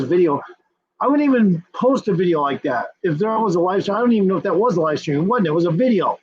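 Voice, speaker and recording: A high-pitched, husky male voice ranting in a combative, foul-mouthed streamer commentary. He repeats his points again and again. The recording sounds dull and lo-fi. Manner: profane, combative, repetitive.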